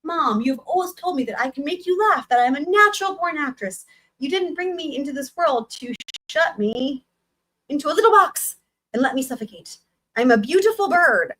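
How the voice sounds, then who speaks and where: A woman's voice: sits high, lively intonation, moderate pace, fairly bright tone, a little hiss or hum, pitched above the performer's own voice. A woman voicing a theatrical eighteen-year-old girl with a melodramatic, grandiose manner. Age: young adult.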